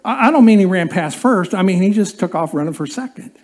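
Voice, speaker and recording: This is a preacher delivering a sermon in a church, spinning a humorous story with lively, chuckling energy. The voice sits at an ordinary middle pitch. It turns low and quiet whenever the message gets serious. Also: fairly quick. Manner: animated storyteller, chuckling through the tale.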